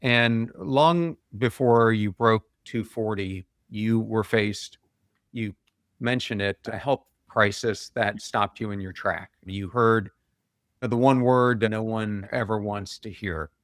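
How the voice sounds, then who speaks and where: Male podcast host, lowish voice, dry close recording, measured questions. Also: dry recording. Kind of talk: interview questions.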